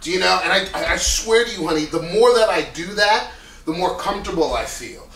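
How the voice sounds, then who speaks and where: Loud, animated male acting coach. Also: high-pitched, a little fast. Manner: loud, animated, profane, full of rhetorical questions. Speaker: acting teacher. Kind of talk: casual coaching talk. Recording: echoey room, distant mic.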